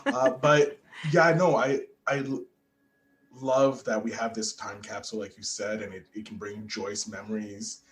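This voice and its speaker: A man's voice: on the low side, measured pace, rough recording. Chatty male podcast host. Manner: chatty and animated, with frequent fillers and restarts. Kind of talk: casual conversational interview.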